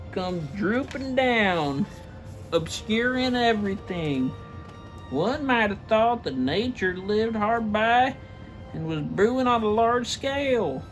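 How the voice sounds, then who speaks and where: A man's voice: high voice, low-quality recording. A man reading a classic story aloud in a comedic style, stumbling and correcting himself as he goes. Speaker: narrator.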